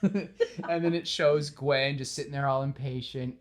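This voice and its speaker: A man hosting a podcast in casual chat, telling a story with lively acted-out scenes. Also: mid-range voice, unhurried. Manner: animated storytelling, acts out scenes. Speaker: podcast host.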